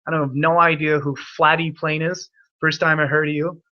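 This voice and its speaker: A man's voice: a little high, level tone, a little fast, muffled recording. A young man hosting an online hangout, telling a rambling, profane story full of restarts. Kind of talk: rambling casual chat.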